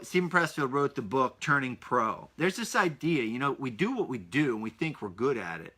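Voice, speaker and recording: Energetic, bright-voiced male podcast host. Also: medium pitch. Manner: energetic, emphatic, repeats key phrases. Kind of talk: solo podcast recap.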